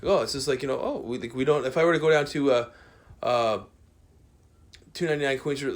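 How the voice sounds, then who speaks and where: A man's voice: quick pace, pauses often. Rambling profane man ranting. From Canada. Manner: rambling, profane, full of "like" fillers; loud swings between raised outbursts and low mutters. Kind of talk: rambling monologue rant.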